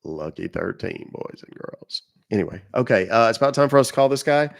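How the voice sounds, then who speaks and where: Middle-aged male streamer, lowish voice, loose and profane, nursing a cough. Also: very animated, fairly quick, vocal fry, no room sound, studio quality. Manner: loose, joking, swears freely. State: coughing and sniffling. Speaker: livestream host baiting scammers. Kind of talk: casual live-stream chat.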